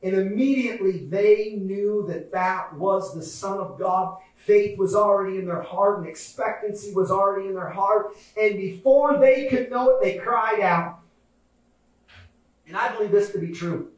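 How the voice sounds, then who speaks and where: A man preaching a sermon, often shouting and acting out the voices of people in the story. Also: high-pitched, moderate pace. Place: church sanctuary. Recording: very echoey hall, mic from a distance.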